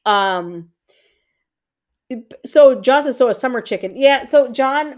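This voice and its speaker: A woman in her thirties with a Puerto Rican accent hosts a casual livestream, chatting with viewers, reading out their comments and rambling with frequent fillers and repeats. Her voice sits high, and she talks very slowly with many pauses.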